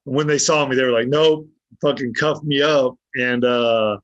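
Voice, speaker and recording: A blunt man swears freely as he tells a long story and acts out each quoted line. His voice sits in a middle pitch and sounds dull and muffled. The recording is dry, with no room sound. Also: fairly even intonation, moderate pace, a bit bright, dry recording. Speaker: podcast guest. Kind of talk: casual storytelling.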